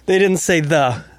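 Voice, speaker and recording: Chatty laughing man, slightly high voice. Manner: chatty, laughs often, paraphrases playfully. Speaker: podcast co-host. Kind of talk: casual chat.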